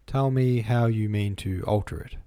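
A man voicing an irritable, peevish old prince who speaks gruffly and dismissively in an audiobook. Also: fairly low pitch, normal speed, mellow, no echo, close to an everyday voice. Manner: gruff and dismissive, scornful laugh.

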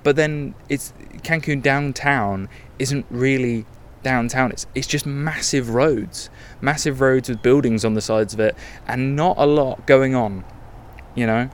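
A man's voice: mid-range voice, a little slow. A young man hosting a podcast, talking candidly in a rambling, self-correcting monologue. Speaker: podcast host. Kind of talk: casual travel podcast monologue.

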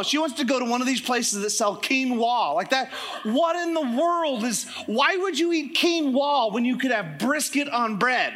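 A young man preaching in a church service, his voice strikingly high and bright. He tells funny stories with lively, animated delivery before the congregation. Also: moderate pace. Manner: animated, joking storytelling. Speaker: pastor. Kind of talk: sermon.

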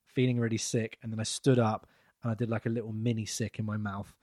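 A man's voice: fairly low pitch, flat delivery, quick pace, dry recording. Chatty man, dry close sound. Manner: rambling, chatty, trails off softly. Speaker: podcast co-host. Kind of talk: casual chat.

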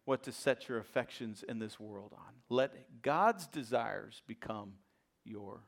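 Speaking slowly in a mid-range voice with vocal fry, a pastor delivers a church sermon. He moves between booming emphasis and quiet asides, repeating phrases to give them weight.

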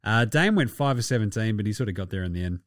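A man's voice: on the low side, lively intonation, quick pace, no room sound, clean studio sound. An Australian man hosting a casual sports podcast, talking in a rowdy, profane and mocking way. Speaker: podcast host.

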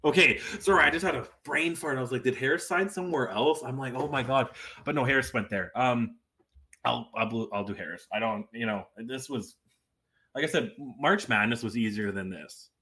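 A man's voice: medium pitch, normal speed, sharp tone. A man co-hosting a casual sports podcast, rambling and self-deprecating, full of "like" fillers. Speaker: podcast co-host. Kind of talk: casual sports roundtable chat.

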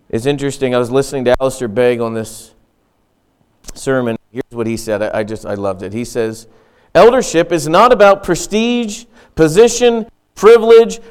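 A middle-aged male pastor delivering a sermon in a church. His voice is smooth and resonant, at an ordinary pitch for a man. He talks in an earnest, conversational way, repeating key lines for weight.

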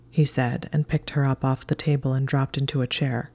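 A woman reads a story aloud in a soft, intimate voice. Her tone is dark and mellow, and her delivery is steady and close. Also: very deep voice, normal speed, hardly any pauses. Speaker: narrator. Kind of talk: fan fiction reading.

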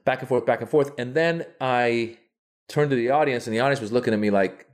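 A man telling a story as a guest comedian, animated, with frequent restarts and acted-out quotes. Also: mid-range voice, fast.

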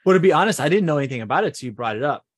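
A man co-hosting a podcast in casual chat, joking, swearing and bantering quickly. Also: a little high, expressive, husky, no room sound. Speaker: podcast co-host.

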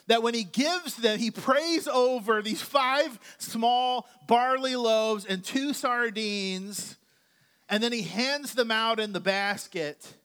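A man's voice: very high voice, slow, a bit bright, smooth. A male pastor preaching a conversational sermon, with chatty, joking asides to his congregation.

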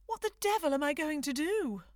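A woman's voice: high voice, lively intonation, brisk. An actress playing a pampered, posh upper-class English woman in a comedy radio sketch, plummy and theatrically indignant.

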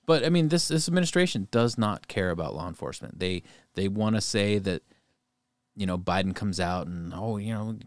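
A man's voice: low voice, lively intonation, brisk, dry recording. A man on a podcast, ranting heatedly and swearing as he talks politics. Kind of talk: casual political podcast chat.

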